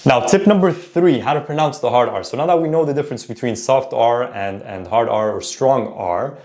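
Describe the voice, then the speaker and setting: A man teaching a casual spoken lesson, stopping often to say example words slowly and correct himself. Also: mid-range voice, a little mellow. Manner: repeats words slowly to model pronunciation; self-correcting, informal. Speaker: language teacher.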